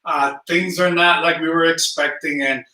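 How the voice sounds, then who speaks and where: A man's voice: a little high, steady tone, moderate pace, sharp tone, echoey room, far from the mic, poor audio. A man with a South Jersey accent hosting a casual travel livestream, chatty and friendly, greeting viewers and reading their comments. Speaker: travel channel host. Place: indoor room at home.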